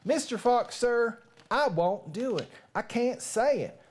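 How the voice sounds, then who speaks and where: A flustered storybook man, read by a woman, protests that the rhymes tangle his tongue, in a put-on Southern US drawl. He whines slowly, his pitch swooping up and down. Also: animated, darkish tone, a little hiss or hum. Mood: complaining. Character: flustered, complaining man fed up with tongue twisters.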